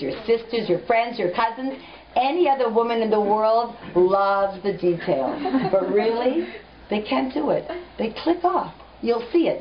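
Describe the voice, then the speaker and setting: Animated woman teaching with stories. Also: mid-range voice, slight background noise. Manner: animated, direct, storytelling. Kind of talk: storytelling lecture. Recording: muffled lo-fi recording.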